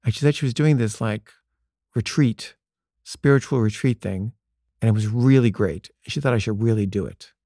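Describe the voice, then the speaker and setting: Guy telling a story about his own life, chatty with lots of "like"s, warm low-key tone, dry close sound. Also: normal speed, no echo. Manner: conversational, frequent "like" fillers, acts out quoted dialogue. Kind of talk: personal storytelling monologue.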